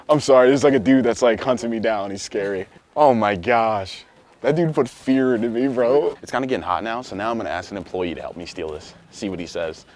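Young man pranking, low voice. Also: a little fast, a little mellow. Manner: pleading and playfully provocative. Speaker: prank video host. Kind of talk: casual prank banter.

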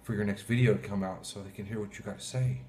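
Heartfelt low-voiced man preaching. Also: steady tone, darkish tone, slight background noise. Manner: heartfelt, halting, clears throat often. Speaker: pastor. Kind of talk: emotional sermon.

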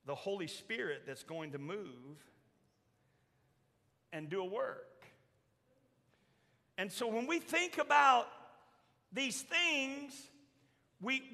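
Male pastor, very high bright voice, emphatic sermon delivery, church hall echo. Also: expressive, slow, pauses often. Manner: emphatic preaching, swings from loud shouts to soft quoted asides. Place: church sanctuary. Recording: long church reverb.

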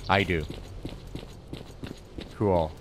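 A man's voice: deep voice, steady tone, extremely slow, noisy background. A man commentating a video game playthrough, exasperated and rambling, repeating himself. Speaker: gameplay commentator. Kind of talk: let's play commentary.

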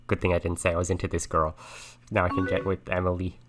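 A young man playing a chat game on stream, thinking aloud and softly reading the messages on screen. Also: low-pitched, steady tone, quick pace, noisy background. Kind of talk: casual let's-play commentary. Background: game music and keyboard typing.

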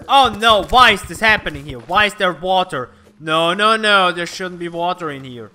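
A man commentating his own gameplay in an excitable, swearing way. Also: sits high, unhurried, few pauses. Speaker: gaming YouTuber.

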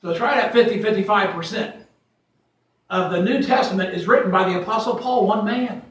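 Folksy male Bible teacher from Ohio with a high voice, rambling between emphatic scripture readings; echoey room, mic far off. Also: a little fast, fairly bright tone. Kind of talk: informal Bible study teaching.

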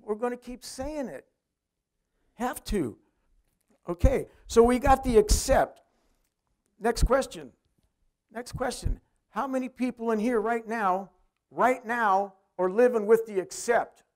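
Middle-aged pastor, high male voice, chatty preaching, questions the congregation. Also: unhurried. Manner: conversational preaching, asks the crowd questions. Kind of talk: sermon.

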